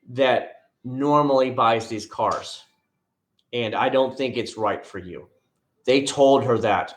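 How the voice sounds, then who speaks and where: Chatty man in an echoey room. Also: medium pitch. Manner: rambling, chatty, with many restarts and asides; talks directly to viewers by name. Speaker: live-stream host answering viewer chat. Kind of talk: casual live-stream chat.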